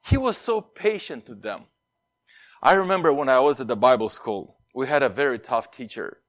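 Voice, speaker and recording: A man in his forties whose first language is Romanian, preaching a sermon in an earnest way, moving between loud and soft. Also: mid-range voice, animated, normal speed.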